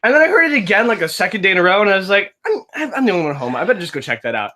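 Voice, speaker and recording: An animated young man chats on a casual podcast, his pitch sitting a little high and swooping all over as he tells a story. His voice has a bright, forceful edge, and he keeps restarting himself and slipping into the voices of the people in his tale. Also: very fast. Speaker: game master and podcast host. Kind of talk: casual chat, telling a story.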